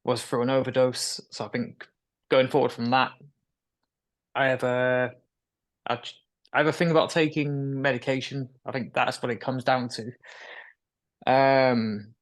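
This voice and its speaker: Young man, interview guest, candid and matter-of-fact, mid-range voice. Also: medium pitch. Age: young adult. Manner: frank, matter-of-fact storytelling with nervous little laughs.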